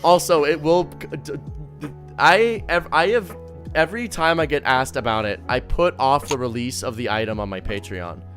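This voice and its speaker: Casual host, mid-pitched, cursing and joking, soft music bed. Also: normal speed. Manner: swearing, joking, animated. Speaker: host of a tabletop game show. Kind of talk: casual chat and Q&A.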